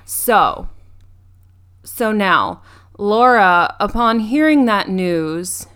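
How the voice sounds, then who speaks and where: A woman's voice: mid-range voice, lively intonation, extremely slow, a bit bright, smooth. A young woman co-hosting a podcast, casually recapping a movie's plot with frequent ums and restarts. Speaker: podcast co-host.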